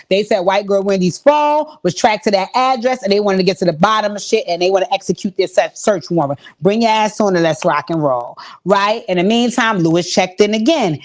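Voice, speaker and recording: A woman hosting a casual TV episode recap, telling it with lots of swearing and animated storytelling, and she speaks directly to her chat. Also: mid-range voice, brisk, hardly any pauses. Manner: profane, animated storytelling, acts out quotes. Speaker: host.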